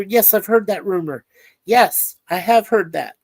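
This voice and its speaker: A woman's voice: mid-range voice, unhurried, a little mellow, breathy edge, no room sound. A woman co-hosting a livestream, chatting casually and reading viewer comments aloud with frequent filler words. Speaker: livestream co-host.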